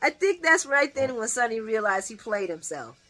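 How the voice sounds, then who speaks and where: A woman talks through a soap opera episode in a loose, animated recap, laughing readily and swearing without a second thought. Her voice sits a little high and rings bright and sharp. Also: moderate pace. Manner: animated and expressive, laughs a lot, swears freely.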